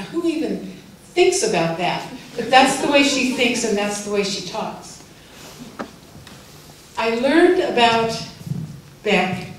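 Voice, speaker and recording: An older woman gives a heartfelt farewell speech with gentle humor. She sounds far from the mic, in a very echoey hall with faint noise behind her. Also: mid-range voice. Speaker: farewell speaker. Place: event room.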